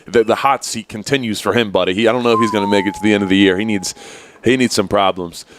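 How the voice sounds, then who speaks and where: A man's voice: lowish voice, fairly even intonation, fast, noisy background. A young man appearing as a guest on a casual football talk show, chatting in a rambling way and laughing easily. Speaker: guest, former player. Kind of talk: casual sports chat.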